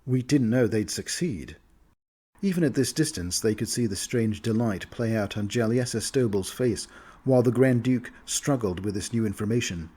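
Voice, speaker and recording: A man narrating a fantasy tabletop campaign recap as a story, in a steady storytelling manner. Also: on the low side, normal speed, slightly rough. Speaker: game master recapping the campaign.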